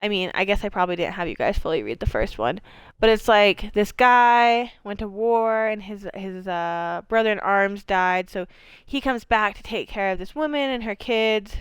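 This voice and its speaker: Smooth-voiced woman chatting over gameplay. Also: medium pitch, no echo, studio quality. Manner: chatty and rambling, with frequent fillers and casual swearing; laughs easily. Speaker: game streamer. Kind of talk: casual gameplay commentary.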